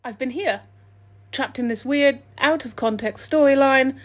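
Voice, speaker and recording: A woman's voice: high-pitched, unhurried. A woman voicing a stranded, exasperated man with a mild Australian accent, complaining wryly. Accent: mild Australian, put on. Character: lost male friend, stranded and exasperated.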